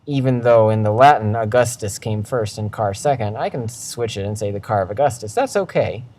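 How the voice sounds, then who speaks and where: A man's voice: on the low side, a little fast, a little mellow. Methodical male Latin teacher. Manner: methodical, walks through steps one by one. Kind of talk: recorded lecture over slides.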